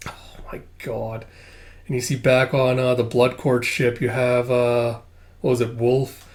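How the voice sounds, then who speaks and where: A man's voice: mid-range voice, little pitch movement, unhurried. A man casually reading along with a comic book and commenting, chatty with lots of fillers and some swearing. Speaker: comic book reader and reviewer.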